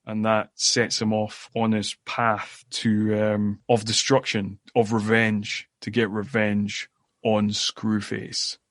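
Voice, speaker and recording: A man's voice: on the low side, completely flat delivery, slow pace, a bit bright, dry recording, studio quality. A man co-hosting a movie podcast, recapping a film in casual chat full of fillers and restarts. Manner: rambling, many fillers and restarts. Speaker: podcast co-host. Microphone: podcast microphone.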